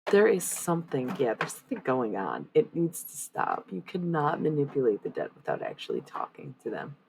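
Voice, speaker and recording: Low gravelly woman chatting on stream. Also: huge pitch swings, moderate pace, darkish tone, a little hiss or hum, rough recording. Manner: loose and chatty, with many fillers and blunt swearing. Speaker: livestreamer giving oracle card readings. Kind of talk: casual live-stream chat with viewers.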